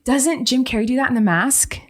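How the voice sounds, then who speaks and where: A woman co-hosting a podcast in casual, comedic chat, giggly and animated. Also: high-pitched, a little fast. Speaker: podcast co-host.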